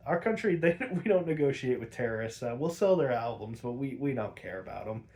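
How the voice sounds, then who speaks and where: A man's voice: medium pitch, lively intonation, brisk, a little mellow, lightly acted. A man voicing a dismissive, pompous male ambassador, offhand as he retells a cartoon plot.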